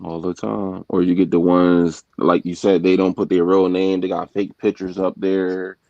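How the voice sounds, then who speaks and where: A man's voice: sits low, little pitch movement, moderate pace, mellow, no echo. A man on a casual podcast chat, speaking in a matter-of-fact way. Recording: dull dry sound.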